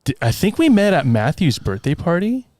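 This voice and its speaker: A man's voice: a little high, normal speed, a little hiss or hum. A man, a music teacher, guesting on a podcast and telling stories with lots of laughs. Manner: animated storyteller who acts out voices and laughs often. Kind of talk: casual podcast chat.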